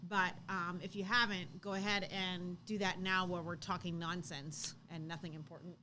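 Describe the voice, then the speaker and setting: A woman's voice: lowish voice, little pitch movement, normal speed, bright, forceful tone, a little hiss or hum. A woman co-hosting a live stream in casual chat, chatty and playful.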